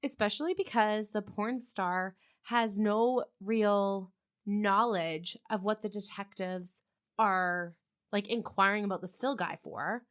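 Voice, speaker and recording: Casting note: woman co-host, chatty and reactive, lots of "like", mid pitch. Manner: reactive, quick exclamations and gasps, valley-girl "like". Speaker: podcast co-host listener. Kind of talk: casual podcast chat.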